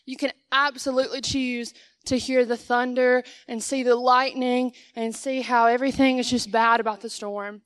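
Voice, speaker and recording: A woman's voice: fairly high pitch, little pitch movement, normal speed, clear, resonant tone, dry recording. A young woman giving a conversational sermon as a guest speaker in church, acting out little dialogues with God. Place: church sanctuary.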